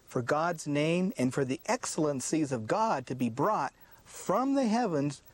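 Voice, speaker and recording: Lively, emphatic male preacher. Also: on the high side, a little slow, no room sound. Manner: emphatic, repeats "listen" to drive points home; asks rhetorical questions and answers them. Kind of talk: sermon.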